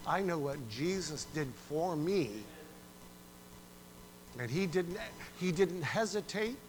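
A man delivers a sermon with a somewhat raised pitch, moving between talk, acted-out quotes and a sung verse. A faint hum runs underneath the recording. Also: slow, poor audio. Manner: animated preaching, acts out quoted voices, sings verse. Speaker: pastor.

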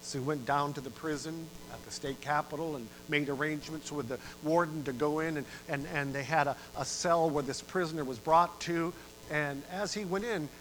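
A middle-aged man preaching a sermon, telling a story with dramatic rises in volume and sudden drops to a hush. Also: slight background noise, poor audio. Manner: dramatic, swells loud for emphasis and drops low. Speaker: pastor.

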